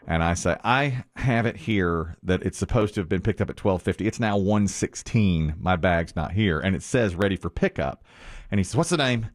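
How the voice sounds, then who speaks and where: Morning radio host, male, low animated storyteller who acts out the quotes. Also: normal speed. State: sweaty from the gym.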